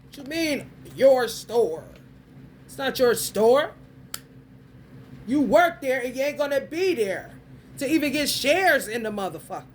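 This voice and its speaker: A woman's voice: sits high, lively intonation, unhurried, long pauses, slight background noise. A woman vlogger delivering a blunt, crude rant full of swearing and street slang. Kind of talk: profane stream-of-consciousness rant.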